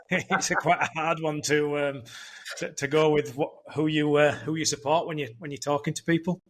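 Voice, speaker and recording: A man with a Yorkshire accent, a podcast guest chatting in a relaxed way and often restarting his sentences. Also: on the high side, normal speed, slight background noise. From England. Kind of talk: casual chat. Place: Gold Coast, Queensland.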